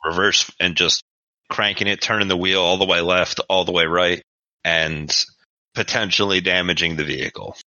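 A man playing a tabletop horror game, talking in gruff, joking banter about his character's actions. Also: low voice, steady tone, moderate pace, pushed and bright, no echo, highs cut off. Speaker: player. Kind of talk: casual tabletop game play.

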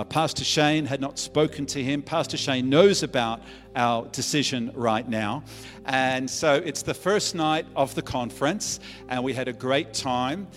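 Earnest Australian pastor in an echoey hall. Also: male voice, mid-range voice. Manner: earnest, conversational storytelling with many restarts. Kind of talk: sermon testimony. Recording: echoey church hall with faint music.

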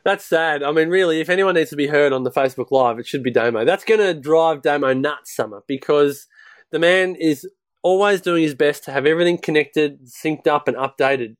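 A man's voice: on the high side, fairly quick. A man, co-hosting a podcast in casual chat, talkative and given to rambling asides and laughs. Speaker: podcast co-host.

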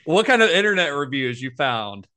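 A man's voice: fairly high pitch, sing-song, normal speed, pushed and bright. A man co-hosting a podcast, retelling film history in a casual, informative way with asides. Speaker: podcast co-host.

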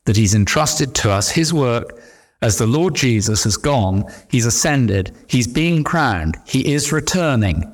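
A middle-aged man preaching a sermon, emphatic, with repeated refrains. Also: mid-range voice. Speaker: pastor.

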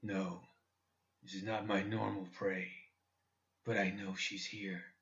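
A man voicing a scowling, grim male exorcist who speaks low and even. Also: slow, reverberant, recorded from a distance, lo-fi sound, full character voice.

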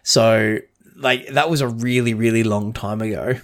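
A man's voice: medium pitch, fairly even intonation, moderate pace, a bit bright. A man co-hosting a podcast in casual chat, rambling with frequent restarts and tangents. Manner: rambling, restarts a lot, chatty with lore tangents. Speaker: podcast co-host.

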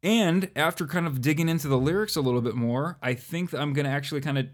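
A man's voice: fairly high pitch, fast. Rambling, self-deprecating podcast co-host man. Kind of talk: casual chat.

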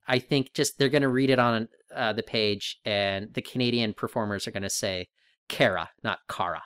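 A man co-hosting a podcast in casual chat, thinking aloud and rambling with restarts and animated questions. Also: mid-range voice, moderate pace, smooth. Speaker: podcast co-host.

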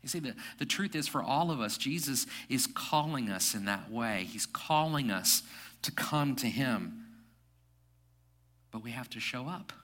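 A middle-aged male pastor preaching a sermon, alternating emphatic rising bursts with hushed, reflective passages. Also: medium pitch, animated, measured pace. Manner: drops to soft, hushed reflection.

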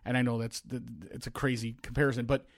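A man's voice: medium pitch, little pitch movement, fast, no echo. A man with a mid-range voice chats casually on a podcast, rambling and restarting his sentences. His tone is wry. The sound is dry and close. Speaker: podcast co-host. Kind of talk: casual chat.

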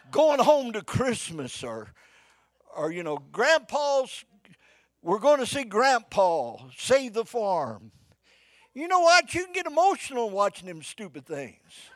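An older man preaching a sermon to a congregation, folksy, shifting between shouted exhortation and hushed storytelling. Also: very high-pitched, dry recording. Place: church before a live congregation.

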